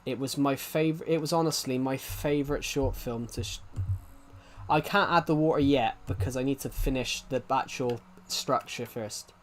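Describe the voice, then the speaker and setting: A man's voice: medium pitch, moderate pace, slight background noise. Rambling young man streaming games. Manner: rambling, frequently restarting sentences. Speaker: game streamer. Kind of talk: casual live-stream chat while playing.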